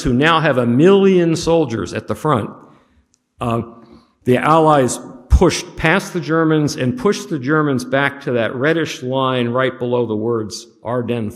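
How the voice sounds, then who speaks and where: A man's voice: medium pitch, big-room sound. A man teaching a history class from slides, conversational and chatty, with humorous asides.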